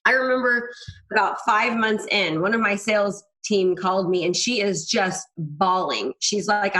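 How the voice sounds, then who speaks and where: A woman's voice: medium pitch, normal speed. A woman guest, a business coach, telling stories candidly and animatedly, often acting out what people said. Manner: animated, frank, quotes herself and others in voices. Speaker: real estate coach and guest. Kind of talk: candid storytelling interview.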